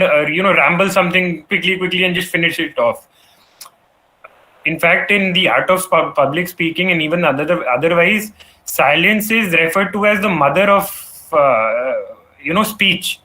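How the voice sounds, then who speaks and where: A young man addresses an audience with a high, bright, forceful voice. He lectures earnestly, often stopping to restart words and leaning on "you know" as he works through his points. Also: poor audio. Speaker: guest speaker. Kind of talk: motivational talk on public speaking. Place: event hall.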